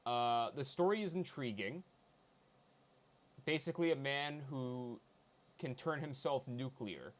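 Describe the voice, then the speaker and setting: A man's voice: medium pitch, lively intonation, measured pace, long pauses. A man talking casually as a guest, explaining things to viewers. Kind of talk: casual chat.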